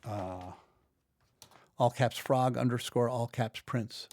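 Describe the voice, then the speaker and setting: Gravelly-voiced man thinking aloud. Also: mid-range voice, slow pace, darkish tone, no room sound. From United States. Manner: rambling, thinks aloud, restarts sentences. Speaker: audiobook narrator and video creator. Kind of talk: casual screen-recording walkthrough.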